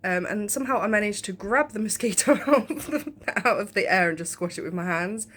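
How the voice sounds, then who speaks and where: A woman's voice: medium pitch, animated, a little fast, fairly bright tone. A young woman chatting casually in a home vlog, rambling with lots of ums. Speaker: vlogger. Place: home, indoors.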